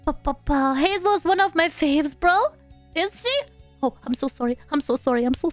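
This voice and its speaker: Young woman streamer gabbing with chat, high voice, dry close mic. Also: expressive, brisk, a bit bright, no echo. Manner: chatty, playful and sympathetic, talking to chat. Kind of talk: casual live-stream chat while gaming. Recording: dry close mic, faint background music.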